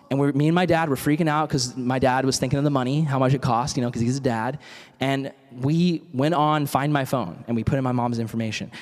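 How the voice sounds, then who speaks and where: Brief: young man, youth preacher, chatty and animated, middle pitch, reverberant church hall. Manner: casual, animated, storytelling with acted quotes. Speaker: youth speaker. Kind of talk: youth sermon.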